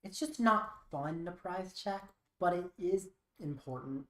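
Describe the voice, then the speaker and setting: Low, slow woman thinking aloud. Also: animated, a bit bright. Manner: muttering, thinking aloud, wry. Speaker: streamer. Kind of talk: live-stream card game commentary. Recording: roomy echo.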